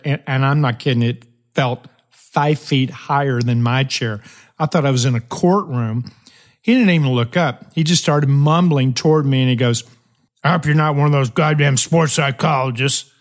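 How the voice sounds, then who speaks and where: A man with a slightly high voice hosts a motivational podcast. He tells a story emphatically, using dramatic pauses and a shifting pace.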